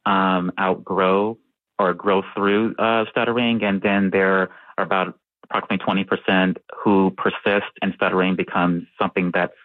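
A man who stutters, answering interview questions in a measured way with fillers and occasional repeated sounds. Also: low voice, flat delivery, no room sound. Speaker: researcher and guest who stutters. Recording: tinny phone-like line.

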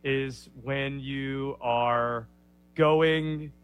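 A man on a talk show taking a slang quiz, guessing hesitantly and thinking out loud as he goes. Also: mid-range voice, fairly even intonation, very slow, clear, resonant tone. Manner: hesitant, thinking aloud with restarts. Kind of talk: casual radio show banter.

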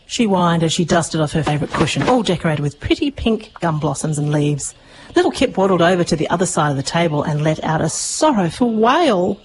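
A woman narrating a children's story with lively expression. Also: low voice, a little fast, noisy background. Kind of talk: storybook reading.

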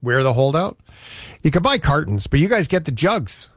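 A man's voice: on the high side, big pitch swings, normal speed, no room sound. A man from Canada hosting a radio show, chatting in a rambling, conversational way. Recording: dry studio sound.

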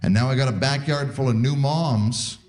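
A man's voice: medium pitch, moderate pace. A man, performing a stand-up comedy routine and acting out the voices in his stories. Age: 40s. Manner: animated storytelling, acts out voices.

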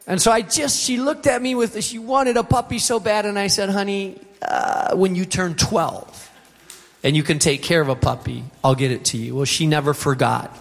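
A middle-aged man preaching a sermon to an auditorium, telling a story and acting out the voices of the people in it. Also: on the high side. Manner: storytelling, acts out quoted voices. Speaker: pastor. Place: large auditorium. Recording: long hall reverb.

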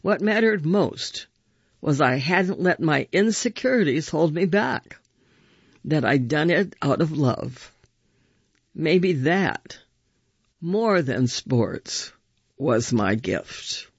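A man reads first-person stories aloud in a measured, expressive way. His voice is fairly high, gravelly and husky. The recording is dry, close and a bit muffled. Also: no room sound. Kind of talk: reading a story aloud.

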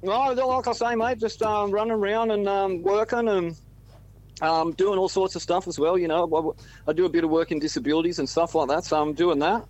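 A man's voice: high voice, steady tone, fairly quick, darkish tone. Easygoing Australian man on radio. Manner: easygoing, agreeable, calls everyone mate. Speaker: musician guest. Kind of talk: casual radio chat.

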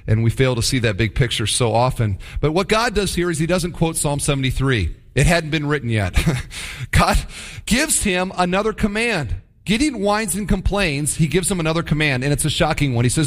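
A man's voice: on the high side, brisk. Emphatic male preacher. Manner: emphatic, animated storytelling. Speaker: pastor. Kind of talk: sermon.

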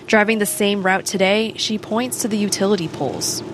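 A woman reporting a public radio news story in a measured, clear voice. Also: medium pitch, noisy background.

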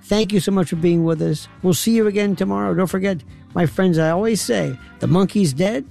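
High gravelly radio host guy, late night call-in show, folksy sign-offs, faint music behind. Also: fairly quick, mellow.

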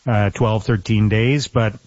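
A man's voice: lowish voice, fairly even intonation, a little mellow, no room sound. Middle-aged mayor man, phone line. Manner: earnest and measured, with many restarts. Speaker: mayor, radio guest. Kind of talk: radio interview. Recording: dull, dry phone line.

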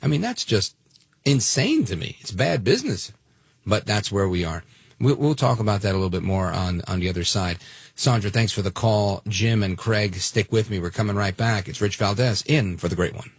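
A man hosting call-in talk radio, blunt and conversational with a gravelly voice. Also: fairly low pitch, expressive, normal speed, dry recording. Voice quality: gravelly and husky. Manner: blunt, conversational, many fillers. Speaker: radio talk show fill-in host. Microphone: studio microphone.

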